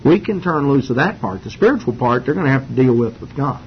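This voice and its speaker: This man's intonation is lively and his pace quick as he works through scripture in an informal Bible study sermon. He's folksy and often restarts or uses fillers, and the lo-fi recording sounds dull with a faint rumble.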